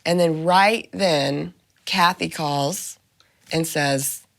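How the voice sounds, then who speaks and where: A woman's voice: sits low, extremely slow, creaky, a bit bright. A middle-aged woman, the mother, recounting a frightening night with urgency and some laughter. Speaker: mother of the storyteller. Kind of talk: casual storytelling.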